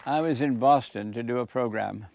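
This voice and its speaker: A man's voice: mid-range voice, normal speed, vocal fry, a little mellow, some chatter behind, slight background noise. A man telling folksy, joking stories about making telescopes, acting out the voices in his anecdotes. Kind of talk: storytelling talk.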